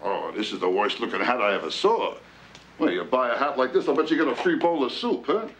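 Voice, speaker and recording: An actor playing a loud, wisecracking rich older man in a film comedy. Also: mid-range voice, animated, brisk, slight background noise, close to an everyday voice. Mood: mocking. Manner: wisecracking, brassy. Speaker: film character.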